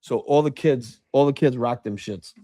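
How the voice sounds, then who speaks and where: A man's voice: mid-range voice, moderate pace, dry recording, clean studio sound. A middle-aged man, co-hosting a podcast, telling stories casually and acting out what people said, swearing freely. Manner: animated storyteller, acts out quotes, swears freely. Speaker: podcast co-host. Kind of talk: casual chat, storytelling.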